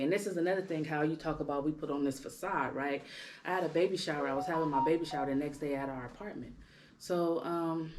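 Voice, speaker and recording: Animated woman telling a personal story. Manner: animated, rising loud and high when worked up; tag questions, frequent "right?". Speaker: podcast co-host. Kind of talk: candid storytelling in casual chat.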